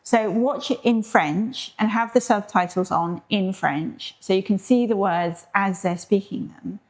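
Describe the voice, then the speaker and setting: A woman's voice: mid-range voice, a little slow, a little mellow. A middle-aged British woman co-hosting a podcast, chatting and telling stories in a friendly way. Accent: British English. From Britain. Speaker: podcast co-host. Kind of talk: casual chat.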